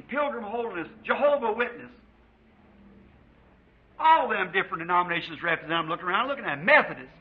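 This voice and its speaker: A man's voice: sits high, slightly rough. A man from the United States preaching a fervent sermon to a congregation in a church, drawing out quotes of scripture. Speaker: pastor. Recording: dull lo-fi old sermon tape.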